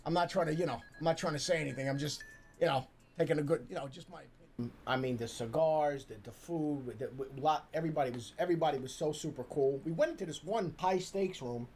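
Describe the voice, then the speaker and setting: A middle-aged man from the New area, rants loudly and curses freely. He fires off repeated questions in casual stream chat, over a faint hiss of background noise. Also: on the high side. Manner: loud, profane, ranting, rapid repeated questions. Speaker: streamer's father, co-host.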